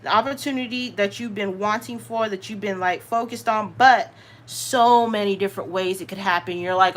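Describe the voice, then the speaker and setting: A woman with a Southern US accent, hosting a live tarot reading. She talks in an animated, slangy way, straight to her viewers. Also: mid-range voice, a little fast. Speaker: tarot reader, channel host.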